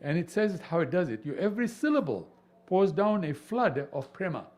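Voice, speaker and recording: A man leads a devotional scripture class with a lively, swinging delivery and a slightly high voice. He keeps checking in with his listeners through rhetorical questions. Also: normal speed. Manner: animated, peppered with rhetorical questions. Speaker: spiritual teacher.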